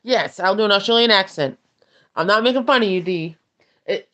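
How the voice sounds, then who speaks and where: A woman ASMR streamer chatting in a soft-spoken, rambling manner during a livestream. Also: mid-range voice, moderate pace. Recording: dull lo-fi stream audio.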